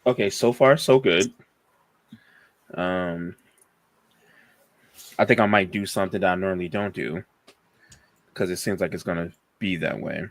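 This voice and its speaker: A man playing a tabletop role-playing game, casual and excitable, swearing freely. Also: deep voice, unhurried, long pauses, no echo. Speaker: player.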